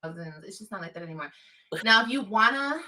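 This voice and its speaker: A woman's voice: mid-range voice, lively intonation, quick pace, pushed and bright, distant mic, poor audio. A woman from Los Angeles chatting casually on a livestream, emphatic and repeating her points. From Los Angeles, California.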